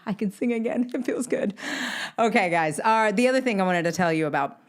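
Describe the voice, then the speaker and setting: Chatty woman podcast host, lowish voice. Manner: upbeat, chatty, addresses listeners directly. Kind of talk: casual solo podcast intro.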